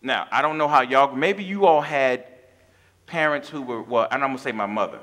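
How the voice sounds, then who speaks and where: A man's voice: mid-range voice, moderate pace, pushed and bright. A man preaching a sermon as pastor of his church, impassioned, with call-and-response asides to the congregation. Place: church sanctuary.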